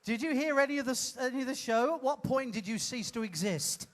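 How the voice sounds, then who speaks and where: A man hosting a live comedy show, teasing an audience member in a playful, loud way. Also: very high-pitched, lively intonation, fairly quick. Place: cruise ship theater stage.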